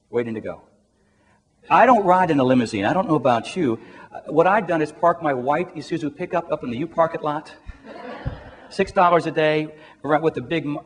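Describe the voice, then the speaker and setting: A man working as a career coach, telling a lively personal anecdote and chuckling through it. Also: fairly high pitch, in a large hall. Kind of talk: motivational storytelling talk.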